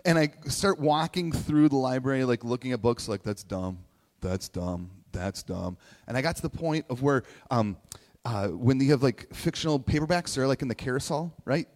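A man telling a personal story in a sermon, chatty and animated, acting out quotes in playful voices. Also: medium pitch, a little fast. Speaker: speaker giving a message to a congregation. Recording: long hall reverb.

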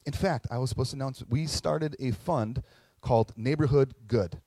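A man's voice: mid-range voice, moderate pace, warm tone, dry recording. A middle-aged man preaching a sermon as pastor, earnest and conversational, telling stories and acting out quotes. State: tearing up at moments.

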